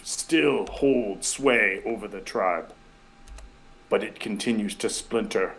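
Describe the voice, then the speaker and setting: A man voicing a solemn bear-tribe figure named Koda, speaking slowly and gravely in a clear, hearty voice. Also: fairly low pitch, fairly bright tone, slight background noise, rough recording. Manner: slow, grave, measured.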